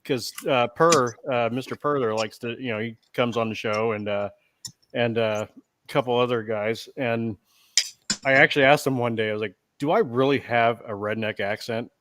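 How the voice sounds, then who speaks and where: A man's voice: mid-range voice, fairly even intonation, moderate pace. A man co-hosting a casual live stream, joking at his own expense and laughing. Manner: joking, self-deprecating, laughs.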